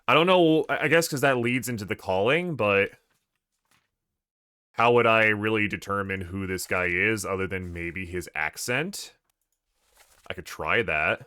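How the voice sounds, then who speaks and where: A man's voice: lowish voice, measured pace, pauses often, pushed and bright, clean tone, dry recording. A man streaming a game, thinking aloud in a hesitant, musing way. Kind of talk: casual gameplay commentary.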